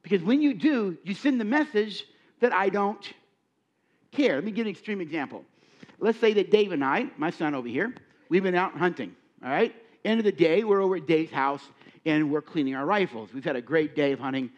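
Animated preacher man, lively pitch. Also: fairly quick. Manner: animated, acts out dialogue, asks the audience questions. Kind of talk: sermon. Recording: dull lo-fi recording.

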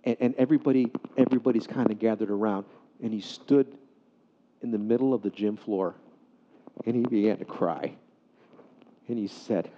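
A man preaching a sermon, telling a story with animated swings between loud excitement and hushed softness. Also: on the low side, normal speed, pauses often. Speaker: pastor. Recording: dull sound in a hall with long reverb.

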